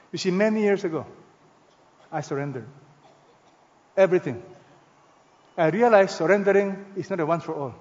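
A man preaching a sermon as pastor, leaning hard on stressed words and swinging between loud emphasis and hushed, slow phrases. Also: sits high, animated, long reverb tail, dull audio.

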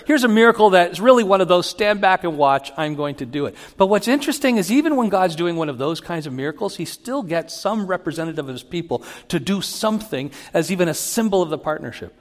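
Speaking fast in a high-pitched voice, a male pastor teaches through his sermon, dramatizing Bible passages with rising emphasis. The recording carries a long hall reverb.

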